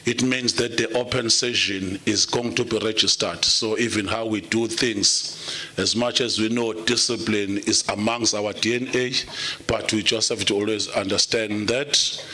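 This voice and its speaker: A man's voice: on the low side, bright, forceful tone. A man chairing a political meeting, mixing English and Zulu and calling the audience comrade. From South Africa. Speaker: program director. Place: conference hall.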